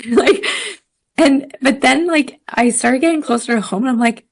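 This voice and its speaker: A woman telling a story in casual podcast chat, animated, laughing often and using many fillers. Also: a little high, unhurried. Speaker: podcast guest.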